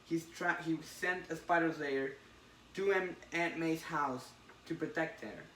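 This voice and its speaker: A man casually recapping a comic story with a friend. He talks in halting bursts and acts out the characters' lines. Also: fairly high pitch. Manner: excited, halting retelling with acted quotes. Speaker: podcast co-host recapping a comic. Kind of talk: casual chat. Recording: roomy, distant mic with faint hiss.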